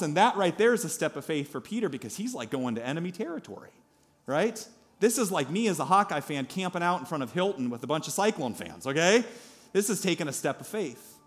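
A pastor preaching a sermon at a church service, telling a story in a lively way with asides to the congregation. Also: male voice, a little high, brisk.

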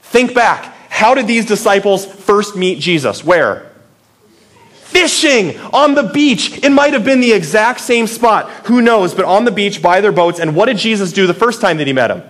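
A man's voice: high voice, expressive, moderate pace, fairly bright tone. A man preaching a sermon in a playful, conversational way, asking the listeners many rhetorical questions. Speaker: pastor.

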